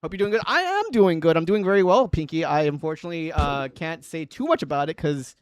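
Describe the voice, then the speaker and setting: Man, thirties, casual stream host, rambling, lots of fillers, slightly high voice, dry close sound. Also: expressive, fast talker, clear, resonant tone, no room sound. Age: 30s. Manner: rambling and filler-heavy, often laughing. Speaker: livestream host and bass player. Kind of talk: casual livestream chat.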